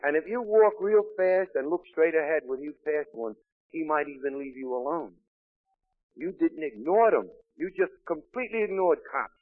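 A man, gruff and wisecracking, telling his own story as a speaker at a recovery meeting. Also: fairly high pitch, lively intonation, normal speed, no room sound. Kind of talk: storytelling talk to an audience. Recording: tinny, dry, phone-like old recording.

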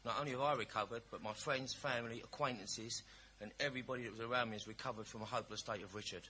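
Male, candid recovery-meeting speaker, bright tense voice, storyteller with humour. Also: medium pitch, rapid-fire, slight background noise. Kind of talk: personal testimony at a recovery meeting.

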